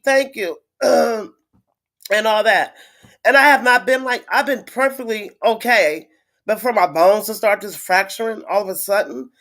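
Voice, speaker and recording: A woman chatting casually on a live stream to her viewers, venting in a frustrated, blunt way with swearing and halting restarts. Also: mid-range voice. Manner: halting with many fillers and restarts. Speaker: livestreamer greeting viewers.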